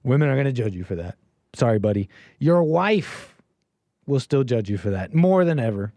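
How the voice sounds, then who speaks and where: A man's voice: medium pitch, big pitch swings, moderate pace, warm tone, dry recording. A man hosting a call-in livestream, reacting to clips in casual, rambling commentary with many fillers and a sarcastic, dismissive edge. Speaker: livestream host taking calls.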